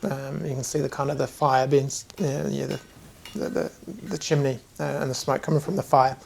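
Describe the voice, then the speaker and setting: A man with a gravelly, creaky voice runs a tabletop game as game master. He narrates in a loose, hesitant way, with many ums and kind-ofs, at a middling pitch. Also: flat delivery, fairly quick, a little hiss or hum.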